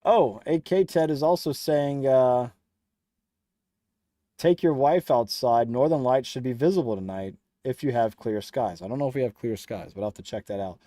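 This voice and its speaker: Young male streamer, mellow dark tone, close dry mic, teasing and laid-back. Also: mid-range voice, normal speed, no echo. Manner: joking, teasing viewers, laughs often. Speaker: livestream host reading chat. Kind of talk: casual livestream chat.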